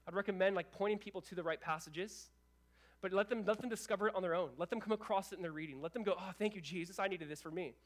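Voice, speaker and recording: A young adult male pastor delivering a sermon in an animated, conversational way, with quick asides to the congregation. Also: sits high.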